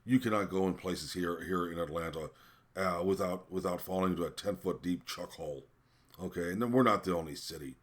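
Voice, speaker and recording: Man, very deep voice, indignant rant, swearing, halting delivery. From American. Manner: indignant, swearing, frequent stumbles and fillers. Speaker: vlogger. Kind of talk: ranting commentary.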